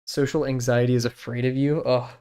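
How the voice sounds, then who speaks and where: Mellow-voiced man thinking aloud while drawing. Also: medium pitch, little pitch movement, fairly quick, smooth. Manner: rambling, hesitant, many fillers and restarts; self-deprecating, laughs easily. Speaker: streamer learning to draw.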